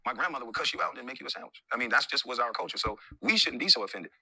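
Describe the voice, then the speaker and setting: A man's voice: mid-range voice, expressive, rapid-fire, gravelly, pushed and bright, no room sound. A man, a former athlete, answering interview questions in an insistent, aggrieved way in a played clip.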